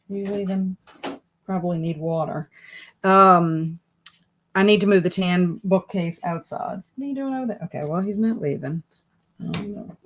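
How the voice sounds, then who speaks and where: Lady doing a chill book livestream, lowish voice, just chatting w her viewers. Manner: chatty, reads viewer comments aloud and answers them. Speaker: booktube live stream host. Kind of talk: casual live-stream chat. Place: home office with bookcases.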